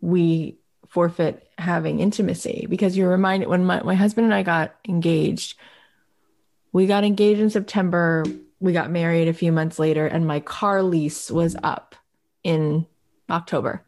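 Low-voiced woman host, open and rambling. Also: fairly even intonation, moderate pace, a little mellow. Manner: open and emotional, rambling with many "like"s. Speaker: podcast host. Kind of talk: conversational interview.

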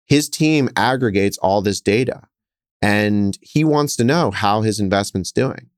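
A lower-pitched man in his thirties talks through his business stories on a podcast, animated and quick to act out scenes. His voice is smooth and clear, recorded dry and close. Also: no echo. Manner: animated, quick storyteller who gets louder acting out scenes. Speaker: hotel investor guest. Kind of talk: conversational interview storytelling.

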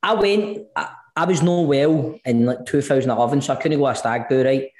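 A man's voice: mid-range voice, brisk, a little mellow, echoey room. A Scottish man co-hosting a football podcast, chatting casually, rambling and swearing freely. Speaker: podcast co-host. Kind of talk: casual chat.

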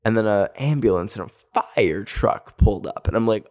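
A man hosting a podcast, telling a story in a casual, animated way with sassy asides. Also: lowish voice, moderate pace. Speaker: podcast host. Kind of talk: casual chat.

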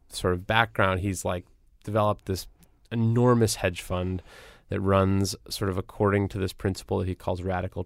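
Guest journalist, man, deep and gravelly, casual and halting, dry booth sound. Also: dry recording. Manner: halting, many fillers and restarts. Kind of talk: casual interview conversation.

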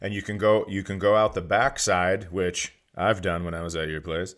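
A man's voice: low voice, flat delivery, moderate pace, fairly bright tone. A man co-hosting a comedy podcast in casual chat, who teases his partner in a dry way. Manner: dry, teasing. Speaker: podcast co-host.

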